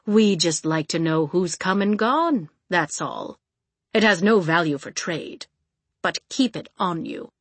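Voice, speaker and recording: A woman reading a cheerful, knowing man who keeps the tunnels, his voice low and easygoing. He talks in a quietly confiding way, recorded dry and close with no room sound. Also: unhurried, slightly rough, dry recording.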